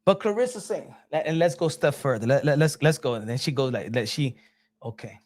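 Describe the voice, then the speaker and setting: A man talking straight to his stream audience in a loose, animated ramble. He restarts sentences constantly and jumps between mumbling and shouting. His voice sits at a middling pitch for a man. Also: fairly quick. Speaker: boxing commentary streamer. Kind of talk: casual livestream commentary.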